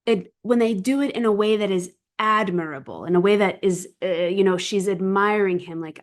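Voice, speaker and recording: A woman's voice: mid-range voice, moderate pace, hardly any pauses. A woman in her thirties talking earnestly to camera as a relationship coach, emphatic and often checking in with "right?". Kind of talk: casual monologue to camera.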